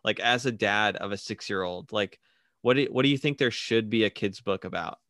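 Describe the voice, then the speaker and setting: A man's voice: lowish voice, brisk, fairly bright tone, no echo, clean studio sound. A man hosting an interview in a casual, easygoing way, with frequent fillers and laughs. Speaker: podcast host, children's book author.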